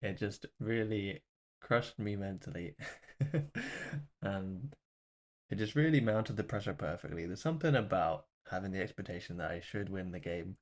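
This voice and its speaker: Low-voiced man narrating his own match. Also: a little mellow. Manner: candid, self-deprecating play-by-play. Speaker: gaming video host.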